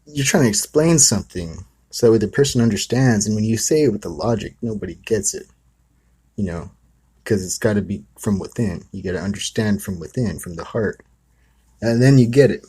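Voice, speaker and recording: A man's voice: on the low side, brisk, dark tone, husky. A man hosting a spiritual talk, telling a story in a casual, rambling way full of asides. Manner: rambling, with many asides of "you know" and "okay".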